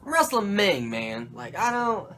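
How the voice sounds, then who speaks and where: A man's voice: high voice, wildly swooping pitch, a little slow, pushed and bright, slight background noise, full character voice. A man putting on a reluctant male wrestler who stammers and complains. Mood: whiny. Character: whiny, reluctant male wrestler, easily rattled.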